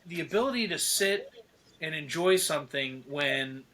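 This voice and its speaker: A middle-aged man with a bright, forward voice that sits a little high for a man. He tells stories in an animated, casual way, laughs often, and acts out other people's lines as he goes. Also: moderate pace. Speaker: podcast guest. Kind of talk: casual storytelling chat.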